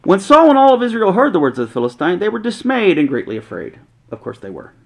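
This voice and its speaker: Gravelly man teaching from scripture. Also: high-pitched, huge pitch swings, fast, a little mellow. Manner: reads scripture then explains it in plain modern talk with jokes. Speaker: pastor. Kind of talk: casual Bible teaching.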